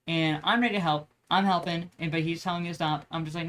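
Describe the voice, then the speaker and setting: Young woman yapping casually, cursing a lot, slangy, lowish voice. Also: fairly even intonation, fast. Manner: profane, slangy, lots of filler words. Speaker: vlogger. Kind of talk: casual rambling storytelling.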